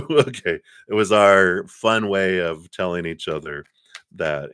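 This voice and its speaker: Male tarot reader on a livestream, low-pitched, rambling and good-humored, dry close sound. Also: lively intonation, a little slow, a bit bright, clean tone, no echo. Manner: chatty, laughs often, trails off with fillers. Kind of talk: live-streamed tarot reading.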